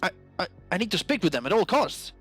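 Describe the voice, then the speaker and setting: A man's voice: high voice, big pitch swings, fast talker, a bit bright, faint music behind, pitched above the performer's own voice, heavily acted. A man reading aloud the lines of a troubled young male clan warrior in a role-playing game, speaking in an urgent, defensive manner.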